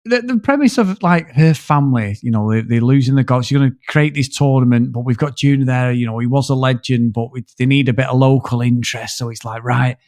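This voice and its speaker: A man's voice: medium pitch, a little fast, hardly any pauses, no echo. Rambling, sweary man in dry close audio. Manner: rambling, sweary, animated storytelling. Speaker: podcast co-host. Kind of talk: casual film review chat.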